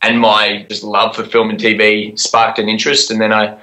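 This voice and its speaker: A man's voice: lowish voice, monotone, moderate pace, bright, forceful tone, low-quality recording. A young Australian man in his twenties, a guest actor chatting casually and laughing often over a video call. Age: 20s. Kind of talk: casual interview chat.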